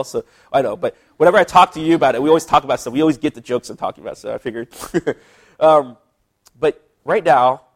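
Laid-back man teaching Bible study. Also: mid-range voice. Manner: relaxed and chatty, many fillers and asides. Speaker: pastor.

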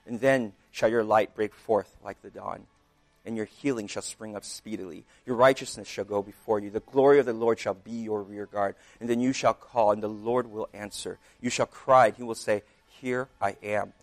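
Soft-praying pastor with a dry mouth. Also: male voice, on the low side, steady tone, normal speed. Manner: chewing gum while speaking; prays softly, reads scripture with rising emphasis. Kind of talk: sermon with prayer and scripture reading.

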